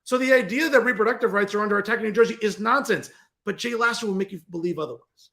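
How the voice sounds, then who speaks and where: Sarcastic ranting man, fairly high voice. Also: racing, creaky, a bit bright. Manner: repeatedly addresses listeners as folks. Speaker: political commentator and show host. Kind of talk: opinionated political commentary monologue.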